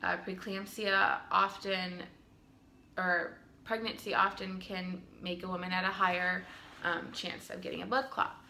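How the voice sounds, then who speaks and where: A woman's voice: on the low side, little pitch movement, measured pace, gravelly, sharp tone, slight background noise. A woman in her twenties earnestly telling her own birth story at home, with frequent ums. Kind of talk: casual storytelling to camera. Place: home room.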